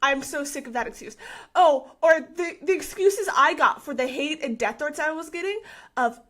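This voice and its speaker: A woman co-hosting a podcast, chatting casually, ranting in an animated way and laughing often. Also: high-pitched, moderate pace. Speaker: podcast co-host. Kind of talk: casual chat.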